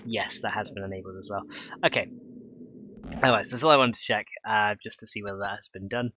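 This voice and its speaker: A man's voice: lowish voice, fairly even intonation, quick pace, noisy background. A man with a stuffed-up nose, chatting casually and rambling aloud with chuckles while streaming his modding work. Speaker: livestreamer and game modder. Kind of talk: casual livestream chat.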